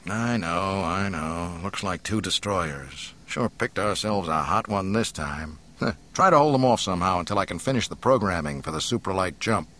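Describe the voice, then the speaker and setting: A man's voice: deep voice, animated, bright, forceful tone. A man voicing brash cocky space pilot Solo. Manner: brash, quick-tongued. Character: cocky young male starship pilot. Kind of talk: audiobook character reading.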